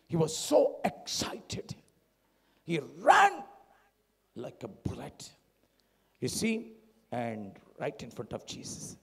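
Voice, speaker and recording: A man preaching a sermon in a church, dramatic, swinging between loud shouts and hushed tones. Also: high voice, wildly swooping pitch, slow pace, gravelly, pauses often, breathy edge. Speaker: lay preacher. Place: church hall. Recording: long hall reverb.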